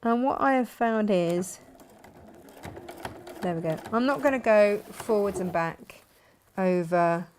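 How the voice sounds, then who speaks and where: Over slight background noise, a woman with a mid-range, somewhat mellow voice speaks slowly, pausing often. She's a sewing vlogger and shop owner narrating her project as she works, chatty and self-deprecating, trailing off when she needs to concentrate.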